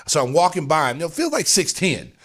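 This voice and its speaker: Animated man telling stories on a podcast. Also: fast talker. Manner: animated, acts out quotes with big jumps in pitch and volume. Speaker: podcast host and former pro player. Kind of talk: casual storytelling on a podcast.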